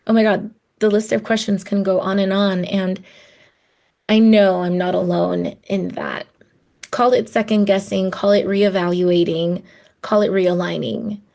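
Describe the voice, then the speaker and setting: Her medium-pitched voice is gravelly and mellow, steady in tone and unhurried. As host of her own podcast, she talks reflectively and heartfeltly, acting out the voices she quotes.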